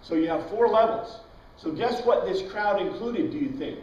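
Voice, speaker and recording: A man's voice: sits high, expressive, moderate pace, a little mellow, a little hiss or hum. Chatty male teacher in an echoey room. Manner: chatty, tosses questions to the class, wanders into tangents. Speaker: Bible class teacher. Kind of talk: informal Bible lecture. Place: classroom with students. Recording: dull, echoey room recording from far off.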